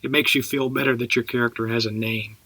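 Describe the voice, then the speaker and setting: A man's voice: medium pitch, steady tone, fast, pushed and bright, dry recording. A middle-aged man from Texas, an actor guest telling casual stories in an interview and laughing as he goes. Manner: chatty, laughs through his stories.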